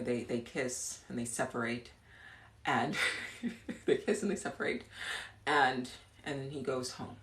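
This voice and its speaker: A woman hosting a livestream and improvising a bedtime story, chatty and giggly, dropping to a hushed voice for the story. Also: extremely low pitch. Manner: giggly, chatty, breaks into laughter. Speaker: livestream host. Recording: echoey room.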